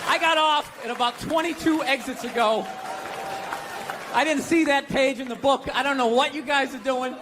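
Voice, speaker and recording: A man doing a stand-up comedy set on a large stage, ranting sarcastically with lots of swearing and punchy, animated delivery. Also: extremely high pitch, normal speed, noisy background. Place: large stage before a live audience. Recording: live show, loud crowd laughter.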